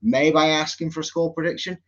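A chatty man hosts a casual football podcast. He teases his guest and keeps calling him mate. His voice sits a bit high, and the sound is somewhat muffled and lo-fi. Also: steady tone, a little fast. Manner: chatty, teasing, says mate a lot. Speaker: podcast host. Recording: slightly dull lo-fi sound.

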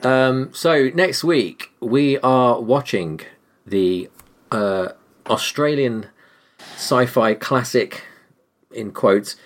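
Lively man hosting a film podcast. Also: medium pitch, very slow. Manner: lively, laughs often, leads the segments. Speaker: podcast host. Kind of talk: casual film podcast chat.

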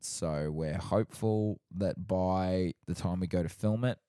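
A young man with a very low voice co-hosts a casual podcast. He talks in a wry, teasing way. The sound is close and dry. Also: measured pace, dark tone, smooth, no room sound. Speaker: podcast co-host.

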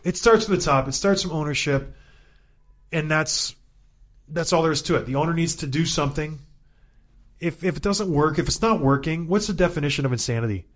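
A man in his thirties with a slightly higher voice than most men, co-hosting a sports talk show. He rants with animated exasperation and hammers his points home by repeating them. He talks like a former player in casual banter. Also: brisk. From Canada. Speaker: co-host, former hockey player.

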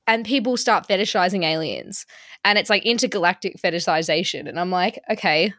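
A woman's voice: fairly low pitch, a little fast, a bit bright, dry recording, studio quality. A young woman hosting a podcast, chatting enthusiastically with a guest and reading out questions. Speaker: podcast host. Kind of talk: casual chat.

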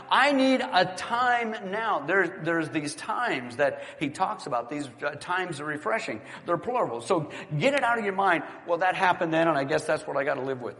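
A middle-aged man preaching a sermon as pastor, animated and exclamatory at times, then dropping to a quiet, prayerful tone. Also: high-pitched, in a large hall.

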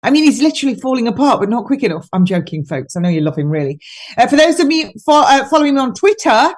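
A woman's voice: high voice, sing-song, fast, darkish tone. A woman talking on a podcast as a guest, chatty and mocking, laughing often as she tells stories. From United Kingdom. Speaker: guest nutritionist. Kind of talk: casual podcast chat.

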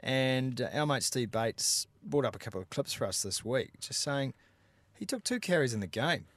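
A New Zealand man co-hosting a rugby chat show, breaking down games in an animated, opinionated way. His voice sits at a middle pitch. The sound is close and dry. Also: moderate pace, no echo. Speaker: podcast co-host.

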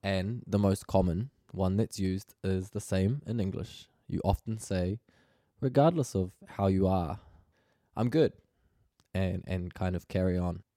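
A man's voice: low voice, measured pace, dark tone, no room sound, clean studio sound. A man teaching a Māori language lesson, explaining phrases patiently and pronouncing them carefully.

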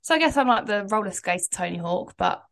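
A woman's voice: mid-range voice, animated, fast talker, a bit bright. A woman, co-hosting a podcast in a rambling, chatty way and laughing often. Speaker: podcast co-host. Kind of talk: casual chat.

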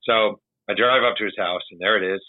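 A man, an author, telling animated stories in casual chat and acting out the people he quotes. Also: lowish voice, brisk, no echo. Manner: animated anecdotal storyteller, acts out quotes. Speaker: author guest. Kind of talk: casual storytelling. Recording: dry tinny call audio.

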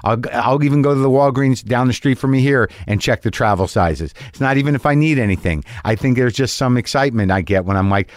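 A man's voice: mid-range voice, a little fast, few pauses, dry recording, studio quality. A middle-aged man hosting a podcast, telling a comic story in a rambling, self-mocking way with sudden exasperated, profane outbursts. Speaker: podcast host.

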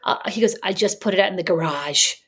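A woman's voice: fairly low pitch, fast, a bit bright, a little hiss or hum. A woman co-hosts a podcast and rambles through her own stories. Her talk is loose and casual, with plenty of asides. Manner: rambling, storytelling. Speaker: podcast co-host. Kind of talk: casual chat.

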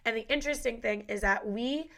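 A woman's voice: on the high side, brisk, a bit bright. Congested young woman podcast host. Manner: bubbly, gushing, heavy use of "like". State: congested from a head cold. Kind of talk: casual chat.

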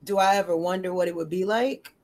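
Quick-paced and on the low side, a woman's voice animates profane, slang-filled stories about her children during a laid-back podcast chat. She voices both parties in the dialogue, shifting her tone for each.

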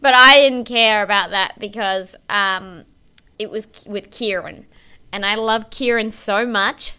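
A woman's voice: mid-range voice, measured pace, sharp tone, clear, resonant tone. A woman co-hosting a podcast, chatting casually about a TV show, laughing often and swearing freely. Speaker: podcast co-host. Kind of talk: casual chat recapping a TV show.

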